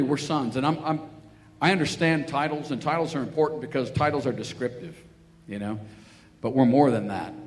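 A man preaching a sermon, telling Bible stories and acting out the voices of the people in them. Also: mid-range voice. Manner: storytelling, acting out voices in quotes. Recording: long hall reverb, faint ambient noise.

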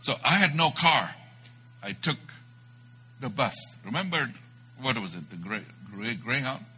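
A man preaching a sermon, telling a story with dramatic swings between loud bursts and hushed moments. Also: medium pitch, expressive, a little slow, slight background noise, poor audio.

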